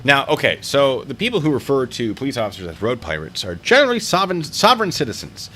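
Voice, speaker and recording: Chatty man with a lively, bright voice. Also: medium pitch, quick pace, slight background noise. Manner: rambling, jokey, wanders off into tangents. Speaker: host reviewing traffic stop videos. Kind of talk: casual video commentary.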